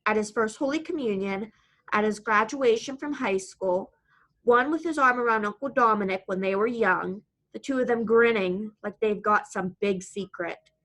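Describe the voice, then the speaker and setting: A woman's voice: medium pitch, moderate pace, a bit bright. A woman reading a first-person story aloud as an audiobook narrator, in a plain, matter-of-fact storytelling manner.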